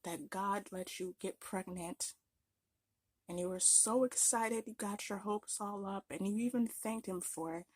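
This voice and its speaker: A woman's voice: medium pitch, unhurried, darkish tone, husky, no room sound. A young woman vlogger ranting in an exasperated, sarcastic, emphatic way. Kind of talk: ranting commentary vlog.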